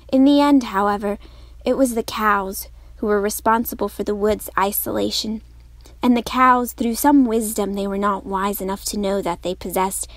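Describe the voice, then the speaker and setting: A woman reading a novel aloud as an audiobook narrator, measured and expressive. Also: medium pitch, no echo. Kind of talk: scripted narration.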